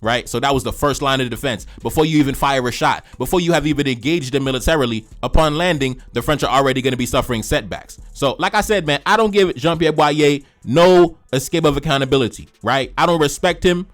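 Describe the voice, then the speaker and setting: A man reading a historical document aloud, breaking off for animated, slangy asides and repeating phrases for emphasis. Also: mid-range voice, fast, hardly any pauses, soft background music. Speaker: history commentator.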